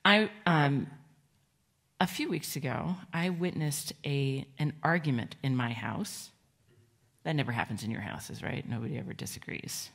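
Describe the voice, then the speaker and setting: A middle-aged woman pastor giving a children's sermon in a church, gentle and conversational, asking the children questions. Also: extremely low pitch, normal speed, creaky, husky. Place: church sanctuary.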